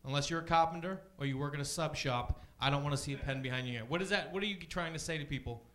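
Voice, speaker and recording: A man doing a chatty stand-up comedy set on a club stage, deadpan, often jumping into high voices for other people. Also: quick pace.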